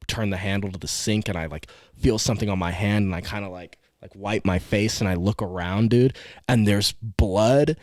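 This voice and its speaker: A man's voice: lowish voice, normal speed, darkish tone, no room sound, studio quality. A young man co-hosting a podcast, telling a story in a rambling casual way full of "like" and swearing. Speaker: podcast co-host.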